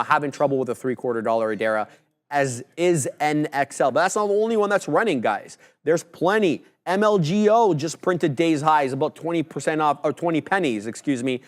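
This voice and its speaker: A man hosting a live trading show, calling prices and chart moves in brisk, upbeat commentary and correcting himself as he goes. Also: on the high side. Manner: brisk, self-correcting, upbeat ticker calls.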